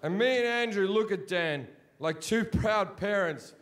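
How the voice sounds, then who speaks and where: An Australian man doing live stand-up, telling a crude story in a brash, deadpan way. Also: high-pitched, unhurried. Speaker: stand-up comedian.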